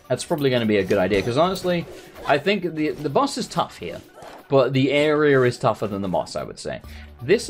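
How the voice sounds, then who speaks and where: Animated, sweary man narrating gameplay. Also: mid-range voice. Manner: rambling, sweary, sarcastic ranting. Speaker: let's play host. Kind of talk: casual gameplay commentary.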